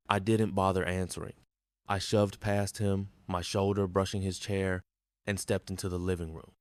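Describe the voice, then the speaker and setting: A man narrating a dramatic story in a grim, measured, intense manner. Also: low voice, flat delivery, dry recording, studio quality.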